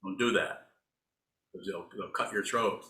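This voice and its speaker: Teasing Buddhist teacher, bright voice, echoey room. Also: male voice, deep voice, unhurried. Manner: rambling, teasing, conversational. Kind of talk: dharma talk answering students.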